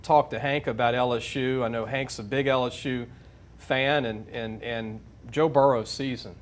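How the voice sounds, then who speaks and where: A man's voice: medium pitch, fairly even intonation, normal speed, a little hiss or hum. A man hosting a sports talk show, chatting casually and steering guests with questions. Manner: chatty, leading questions, many restarts. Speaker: radio sports show host.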